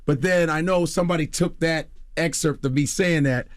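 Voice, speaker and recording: Brief: middle-aged Chicago comic, slightly high voice, dead-dry studio mic, animated storyteller. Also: male voice, moderate pace, no echo. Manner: animated, acts out quoted voices. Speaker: comedian guest. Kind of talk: storytelling on a radio talk show.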